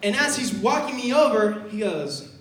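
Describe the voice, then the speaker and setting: A man's voice: very high voice, expressive, normal speed, fairly bright tone. A young man performing stand-up comedy, telling a story and acting out the other people's voices. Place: college comedy venue with audience. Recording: roomy distant live recording, noisy. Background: audience laughter.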